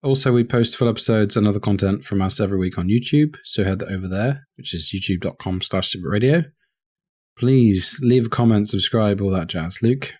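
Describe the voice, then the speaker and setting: A man's voice: lowish voice, fairly quick, darkish tone. An English man co-hosting a gaming podcast, rambling and poking fun at himself. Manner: rambling, self-mocking. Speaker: podcast co-host. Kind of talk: casual banter.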